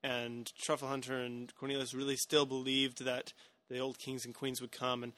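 Bright-voiced man, casual chat. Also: mid-range voice, completely flat delivery, normal speed, no room sound. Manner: hesitant, many fillers and restarts. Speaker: podcast co-host. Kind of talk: casual film discussion.

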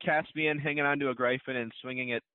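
A man's voice: medium pitch, steady tone, fast talker, smooth, no echo. Rambling man on a tinny line. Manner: rambling, with many fillers and laughs. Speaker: podcast co-host. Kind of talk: casual chat about a film trailer. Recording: dry, tinny phone-like sound.

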